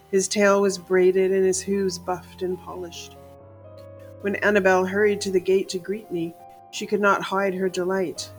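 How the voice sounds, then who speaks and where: Woman narrator for gothic horror, measured and somber, low flat delivery over faint music. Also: poor audio. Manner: measured, somber first-person telling.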